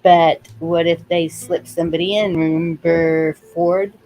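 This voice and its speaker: A woman with a slightly low voice speaks in an easygoing group chat. She talks calmly and steadily, like someone reassuring friends. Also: measured pace, low-quality recording.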